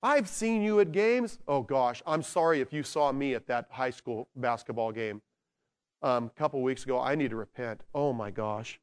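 A male pastor preaching a sermon with animated delivery, dropping into slow, quiet emphasis and then building to excited bursts. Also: mid-range voice, clear, resonant tone. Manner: slows down to stress key words.

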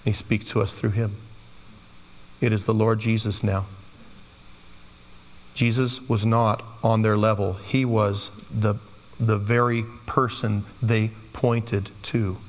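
A man's voice: fairly low pitch, flat delivery, slow pace, pauses often. Preaching man in a reverberant hall. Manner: conversational preaching with playful acted asides. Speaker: pastor. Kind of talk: sermon.

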